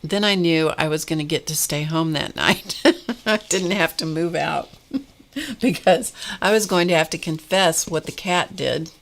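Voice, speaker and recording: At a measured pace, a woman with a low, fairly bright voice hosts a live painting class, with a little hiss or hum in the audio. It's casual stream chat: she tells rambling stories while painting and welcomes viewers in the chat by name.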